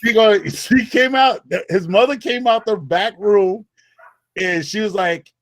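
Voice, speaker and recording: A man's voice: sits high, unhurried, a bit bright. A middle-aged man from the Bronx, a guest in a casual conversation, telling stories emphatically with many repeats and restarts. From the Bronx, New York. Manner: emphatic, repetitive storyteller with frequent restarts.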